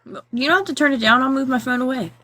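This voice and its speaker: An easygoing woman joins a group livestream as a guest and chats casually, quick to laugh. Her voice sits slightly high, close to her phone mic. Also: fairly bright tone. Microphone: phone held close.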